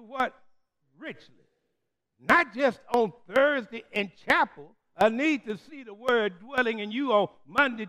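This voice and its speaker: A man's voice: extremely high pitch, fairly bright tone. A man preaching a call-and-response sermon, as a Methodist preacher who throws questions to the congregation and draws out the key words.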